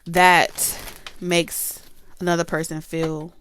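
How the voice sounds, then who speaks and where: A woman's voice: fairly low pitch, level tone, takes it slowly, a bit bright, a little hiss or hum. A woman giving a casual tarot reading, chatty and emphatic, cursing freely and talking straight to her viewers. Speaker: tarot reader.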